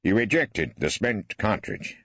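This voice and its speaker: A wry old barrister, voiced by a male reader, cross-examines with arch, ironic courtesy. His husky voice swoops widely in pitch, recorded dry and a little dull. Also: sing-song, measured pace, a bit bright, no echo, exaggerated voice. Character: wry elderly male barrister, mock-polite. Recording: dry, slightly dull studio.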